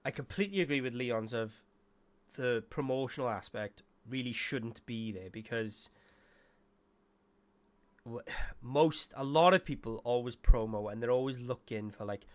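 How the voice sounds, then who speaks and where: Male host, mid-pitched, chatty and rambling, casual panel talk. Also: normal speed. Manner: chatty, meandering, self-correcting.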